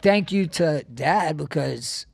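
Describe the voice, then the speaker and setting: A man's voice: on the high side, lively intonation, gravelly, breathy edge, dry recording. A middle-aged man hosting a podcast, telling stories in casual chat and swearing freely. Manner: fast, swearing, storytelling. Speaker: podcast host.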